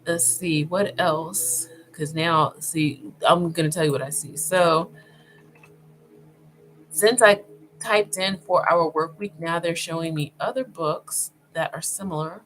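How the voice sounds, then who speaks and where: A woman vlogger talking casually as she browses online, thinking aloud with many pauses and fillers, and speaking directly to her viewers. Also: on the low side, fairly bright tone, a little hiss or hum, rough recording. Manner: addresses viewers informally.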